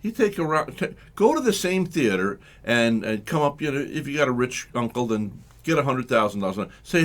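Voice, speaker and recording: Jokey radio host guy, lively up-and-down voice, bright and forceful, clowns around a lot. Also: medium pitch, normal speed, hardly any pauses. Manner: animated, jokey, acts out voices, laughs often. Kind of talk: comic radio banter.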